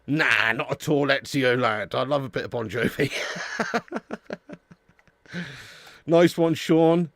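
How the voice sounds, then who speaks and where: A man's voice: mid-range voice, slow, long pauses, no echo, studio quality. A man hosting a live football watch-along, chatting casually with viewers and calling them mate and lad. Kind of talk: casual live-stream chat.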